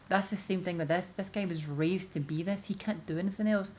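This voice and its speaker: A woman's voice: fairly low pitch, brisk, darkish tone, a little hiss or hum. A woman streamer giving casual commentary, rambling with lots of "like" as she explains her view. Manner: rambling, many fillers of "like".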